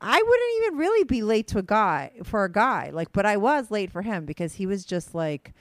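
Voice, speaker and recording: A woman hosting a podcast in casual chat, talking fast and rambling, excited and hyper after a date. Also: medium pitch, no room sound. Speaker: podcast host.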